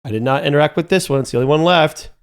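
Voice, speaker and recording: A young man commentating his own gameplay live, talking to his chat and growing frustrated, with sudden high yelps. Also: rapid-fire, smooth. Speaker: streamer playing a horror game.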